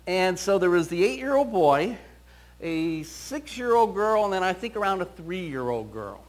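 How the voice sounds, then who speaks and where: Male counselor, storytelling talk; fairly high, very lively pitch. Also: moderate pace. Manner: animated storyteller, quoting voices.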